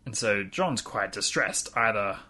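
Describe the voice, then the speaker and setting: A man co-hosting a casual chat, animatedly recapping an episode and slipping into quick character impressions. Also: on the low side, lively intonation, bright, forceful tone, husky. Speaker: podcast co-host.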